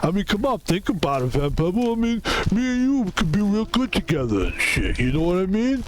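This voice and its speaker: A man's voice: high voice, sing-song, fairly quick, a little hiss or hum, pitched above the performer's own voice. A man putting on a swaggering street-tough boxer impression in a thick drawl. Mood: teasing.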